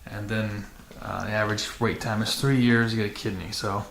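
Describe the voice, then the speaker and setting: On the low side and gravelly, his voice holds a steady tone at a moderate pace and sounds a bit bright. He hosts a dirt bike vlog, chatting casually to camera in a matter-of-fact way, full of fillers and restarts. The room is echoey with faint noise.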